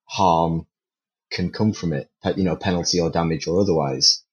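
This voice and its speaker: A man with a low voice offers his opinion on a casual panel at a normal speed, with the highs cut off. He rambles through sentences packed with restarts and now and then laughs at himself.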